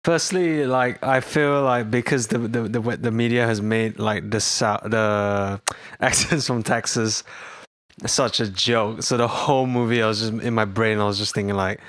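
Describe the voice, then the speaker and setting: A man co-hosting a podcast, talking casually and haltingly, poking fun at himself. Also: fairly low pitch, fairly even intonation, a bit bright, dry recording. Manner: hesitant, laughing, self-mocking. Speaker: podcast co-host. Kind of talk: casual chat.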